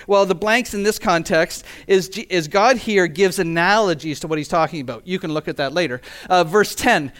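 A man's voice: sits high, normal speed, a bit bright. A man preaching a sermon as pastor, earnest and emphatic, reading scripture aloud and asking rhetorical questions. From Canada.

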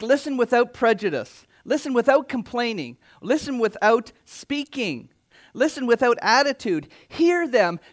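A man preaching a sermon to his congregation in earnest, dropping to quiet asides and lifting his voice for exhortations. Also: very high voice. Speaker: pastor. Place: church.

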